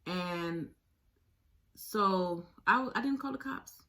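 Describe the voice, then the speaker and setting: A woman telling her own story to her viewers, speaking frankly with swearing, halting often and repeating her phrases. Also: medium pitch, lively intonation, sharp tone. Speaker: video blogger sharing a survivor story. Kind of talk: candid personal storytelling.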